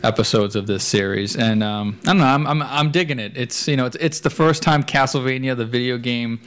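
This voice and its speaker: A man co-hosting a casual podcast, giving rambling reviews with jokey asides. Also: mid-range voice. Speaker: podcast co-host. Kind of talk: casual chat. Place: echoey room at home.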